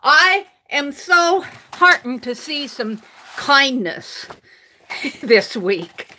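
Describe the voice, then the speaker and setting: A woman's voice: sits high, sing-song, very slow, bright, forceful tone, slight background noise. An older woman live-streaming her crafting, chatting casually, reading viewers' comments aloud and laughing often. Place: home craft room.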